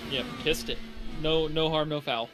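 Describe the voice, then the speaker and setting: A man's voice: fairly high pitch, fairly even intonation, moderate pace, over music. A man doing color commentary for a sim race broadcast, explaining car handling and tire wear in detail.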